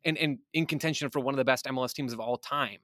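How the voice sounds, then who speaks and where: A man's voice: medium pitch, fast talker, a bit bright, dry recording. A man in the guest chair of a podcast, breaking down tactics in casual, thinking-aloud analysis. He restarts sentences as he works out his points. The recording is close and dry, with no room sound. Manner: thoughtful, speculative, restarts often.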